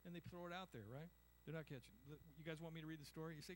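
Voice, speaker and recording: A man's voice: on the high side, fairly even intonation, racing. An older man preaching a conversational sermon, acting out little voices and asking the congregation "amen?". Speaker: pastor.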